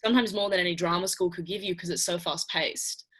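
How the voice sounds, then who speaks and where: A young actress answering interview questions earnestly, with frequent restarts. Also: female voice, fairly low pitch, steady tone, fast talker, husky. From Australia. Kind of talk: casual press interview.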